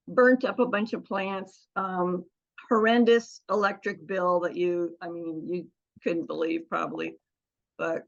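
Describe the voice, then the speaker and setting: Gravelly low woman on a dull call. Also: steady tone, unhurried. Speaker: open mic poet. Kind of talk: casual chat. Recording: dull video call audio.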